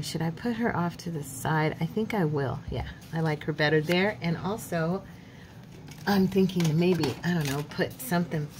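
A woman's voice: fairly low pitch, a little hiss or hum. A woman hosting a crafting video, chatting casually as she works, with faith-filled asides and laughs at herself. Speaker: craft channel host. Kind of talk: casual crafting tutorial chat.

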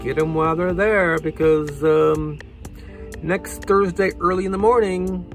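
A man's voice: fairly high pitch, fairly even intonation, measured pace. A man hosting a casual morning show, recommending free games in a loose, rambling way full of fillers. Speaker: show co-host. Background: music.

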